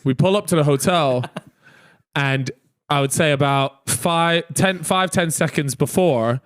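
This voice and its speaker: A young man on a podcast, telling a story in casual chat, animated, laughing often and swearing freely. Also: fairly high pitch, measured pace, clean tone. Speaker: podcast co-host.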